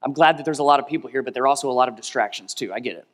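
A male pastor delivering a sermon, leading a call-and-response and swinging between emphatic peaks and quiet, low stretches. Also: very fast. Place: large church hall. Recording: long reverb of a large hall.

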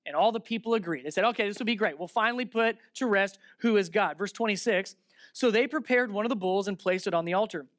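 A man preaching a sermon, reading Bible verses aloud and retelling them with lively asides, switching from loud sarcasm to hushed reverence. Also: sits high, quick pace, no room sound, studio quality. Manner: talks aside to the listeners between verses.

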